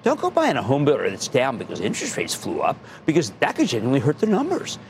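A middle-aged man hosts a finance TV show, giving animated market commentary in a mid-range voice that swoops wildly in pitch. He talks fast and theatrically, with punchy delivery and sudden bursts of emphasis. A little hiss or hum sits under the audio.

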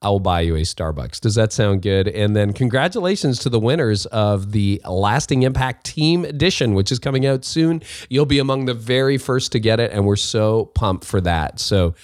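A man's voice: on the low side, normal speed, hardly any pauses, dry recording, studio quality. Upbeat Canadian man hosting a podcast. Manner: upbeat and chatty, with asides and laughs. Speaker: podcast host. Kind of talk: casual solo monologue.

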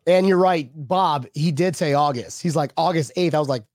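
Casting note: excitable male co-host, voice sits a bit high, dry close mic, jokey casual chat. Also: moderate pace, no room sound. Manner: joking, laughs often, excitable. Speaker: podcast co-host. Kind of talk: casual chat reading viewer comments.

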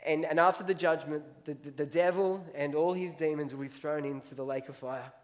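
A man preaches to his congregation in a voice that sits high for a man. He leans into key lines, repeating them for emphasis, and reads scripture aloud between his points. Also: steady tone, brisk. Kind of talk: sermon.

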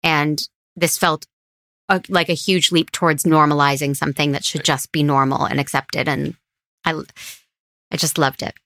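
Rich: A woman who is a podcast guest talks about a film with earnest feeling. Her voice is fairly low-pitched but bright and forward. The sound is dry and close. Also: fairly even intonation, normal speed, dry recording. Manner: earnest, heartfelt. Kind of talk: casual film discussion.

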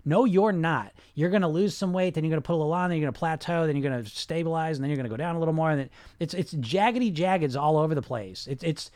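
A man hosting a casual live podcast reads comments aloud and talks to his listeners directly in a rambling, emphatic way, often restarting and saying "you know." His fairly high, darkish-toned voice is very fast, with few pauses.

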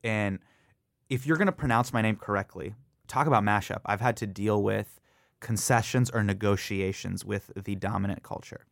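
An American man, a comedian appearing as a guest in a studio interview, tells stories and acts out other people's lines with animated energy. His voice is fairly low and creaky, at a normal speed, recorded on a studio microphone with no room sound in this conversational exchange.

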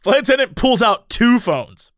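A man's voice: extremely high pitch, normal speed, no echo, studio quality. A man chatting casually on a podcast, telling a story with lots of laughs and playing out the other people's lines himself. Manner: animated, laughs often, acts out quoted voices.

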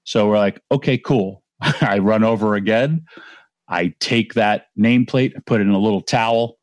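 A man's voice: lowish voice, moderate pace, no echo. A man in his forties casually telling a long, emotional anecdote, rambling with restarts and acting out other people's voices.

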